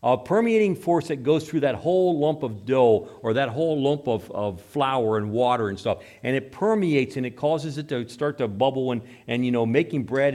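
Dynamic male preacher, hushed to booming. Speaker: pastor. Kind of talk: sermon.

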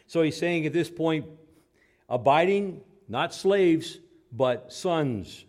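A man preaching a sermon, emphatic, posing rhetorical questions and swinging between loud and soft. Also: medium pitch, animated, a little slow.

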